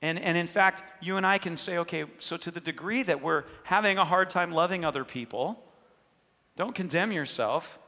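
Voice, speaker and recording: A man's voice: high-pitched, normal speed, bright, forceful tone, long reverb tail. A man preaching a sermon, earnest and conversational, voicing inner thoughts and prayers as he speaks. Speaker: pastor.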